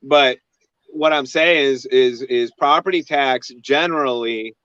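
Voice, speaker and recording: A man's voice: mid-range voice, unhurried, fairly bright tone, clean tone, dry recording. A man hosting a casual chat, talking hesitantly with many fillers and restarts. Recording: dry, dull lo-fi sound.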